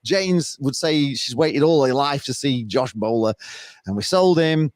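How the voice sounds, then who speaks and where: A man appearing as a podcast guest, talking football in a rambling, animated way and laughing often. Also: mid-range voice, unhurried, no echo. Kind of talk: casual football chat.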